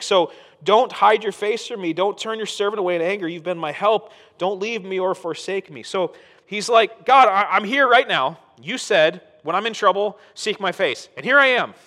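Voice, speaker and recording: Animated man preaching in a reverberant hall. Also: fairly high pitch. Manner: conversational teaching with frequent "right?" asides; animated, swings from loud bursts to quiet asides. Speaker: pastor. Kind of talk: sermon.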